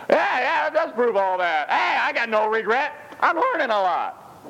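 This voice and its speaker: Animated preaching man, lo-fi sound. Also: measured pace, vocal fry, a little hiss or hum. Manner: animated, jokey preaching with swings of pitch. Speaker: pastor. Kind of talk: sermon.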